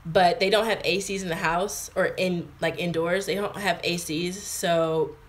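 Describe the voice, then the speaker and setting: Her voice sits on the low side, with a steady tone and a measured pace. The speaker is a young American vlogger in her twenties livestreaming from inside her home in England, chatting casually as she reads and responds to viewer comments, full of fillers.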